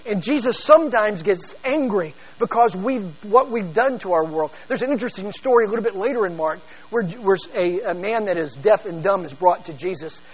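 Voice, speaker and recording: A man with a notably high voice teaching through a Bible passage in a loose, conversational way. He often pauses with fillers and restarts his sentences. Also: lively intonation, husky, low-quality recording. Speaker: preacher.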